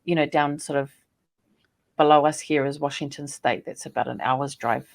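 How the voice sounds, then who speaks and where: A woman from New Zealand with a New Zealand accent, a scholar telling stories in a chatty, animated way on a podcast call. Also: low-pitched, normal speed, vocal fry. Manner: chatty, animated storytelling with laughs. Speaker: guest, Māori scholar and poet. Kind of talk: casual podcast conversation.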